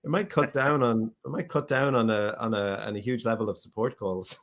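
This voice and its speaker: A man's voice: lowish voice, a little fast. A man co-hosting a podcast in casual chat, hesitant and full of restarts, who laughs now and then. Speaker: podcast co-host, actor.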